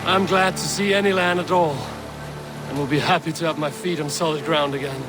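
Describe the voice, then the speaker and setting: A man's voice: on the high side, steady tone, brisk, music in the background, close to an everyday voice. An actor playing a thoughtful, wry Viking crewman in a video game.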